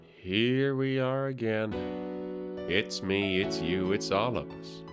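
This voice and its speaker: A man streaming a game and chatting casually, sounding sleepy and low on energy as he rambles to his viewers. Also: slow pace, loud music behind the voice. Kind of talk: casual live-stream chat.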